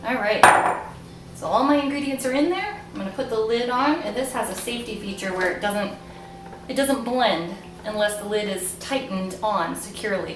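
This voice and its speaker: A woman's voice: mid-range voice, roomy sound, poor audio. A young woman hosting a casual cooking demonstration, chatty and playful, joking at her own expense. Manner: chatty and playful, laughs at herself. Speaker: cooking video host.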